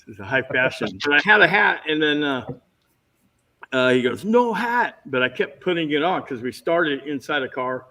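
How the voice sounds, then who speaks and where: Animated man telling set anecdotes. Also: on the high side, moderate pace, rough recording. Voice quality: bald. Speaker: guest. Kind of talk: casual storytelling chat.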